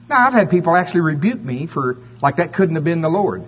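A man preaching a sermon to a congregation in a room, animated and preacherly, acting out quoted prayers in a raised voice. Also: a little high, a little fast. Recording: dull lo-fi recording with faint hum.

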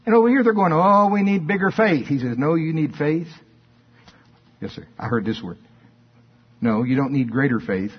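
A preacher delivers a church sermon in a very husky, breathy voice. He climbs into loud, high rhetorical questions and then settles into low, confiding asides. The recording is dull and lo-fi. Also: animated, moderate pace, pauses often. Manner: preaching with rising emphatic questions and folksy asides. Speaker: pastor.

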